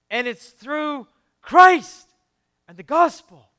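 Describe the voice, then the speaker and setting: Here a man, a pastor, gives a sermon that feels like conversation, with fast asides and swings from quiet, low passages to emphatic ones. He sounds animated and smooth.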